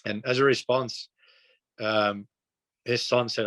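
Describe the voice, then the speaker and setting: A young man from the Netherlands, a podcast guest telling a story in an earnest, relaxed way, with frequent fillers and repeated words. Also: mid-range voice, normal speed. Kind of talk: casual storytelling.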